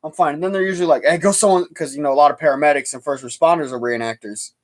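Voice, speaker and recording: A man's voice: on the high side, rapid-fire. A young man hosting a casual livestream chat, rambling and laughing easily. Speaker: livestream host.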